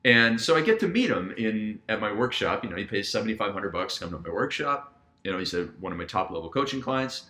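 A man's voice: on the low side, big pitch swings, fast, sharp tone. A man, a guest business coach, telling stories in casual podcast talk and acting out quoted dialogue with animation. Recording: roomy echo.

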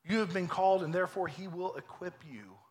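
A man preaching a lively, joking sermon in a church, acting out voices as he goes. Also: high voice, brisk. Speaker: pastor. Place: church sanctuary.

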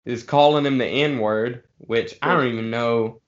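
A man's voice: medium pitch, steady tone, dull audio. Laid-back man telling a work story. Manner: laid-back, swearing, drawn-out pauses. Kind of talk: casual storytelling among friends.

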